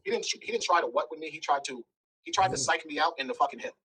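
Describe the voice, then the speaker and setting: A man talks at a breakneck clip, his husky voice bright and edged. He tells his story bluntly and candidly as an interview guest, jumping between narration and acted-out dialogue with a lively, swinging pitch. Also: quick pace, low-quality recording. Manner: blunt, animated, acts out dialogue.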